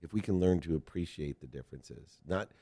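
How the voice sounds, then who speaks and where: A middle-aged man with a very deep, dark voice hosts a conversational podcast interview. He is from Ohio and talks in a rambling, earnest way. He often tells stories about his own life. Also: fairly quick. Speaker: podcast host.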